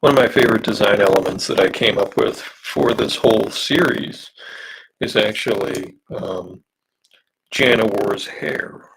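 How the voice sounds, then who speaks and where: Hoarse, very raspy low-voiced man. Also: unhurried, fairly bright tone, poor audio. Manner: rambling, hesitant, many fillers, reads out viewer comments. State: losing his voice from smoke. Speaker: comic artist streaming a live drawing session. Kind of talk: casual live-stream chat while drawing.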